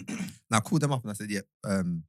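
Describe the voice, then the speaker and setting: A man's voice: mid-range voice, racing, no echo. A man co-hosting a casual podcast, telling stories and laughing easily. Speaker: podcast co-host.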